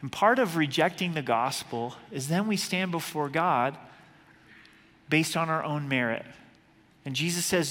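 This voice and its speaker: A man's voice: fairly high pitch, a little slow, sharp tone, big-room sound. A man preaching a sermon as pastor, earnest and urgent, often restarting his words. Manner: earnest, urgent preaching with repeated word starts.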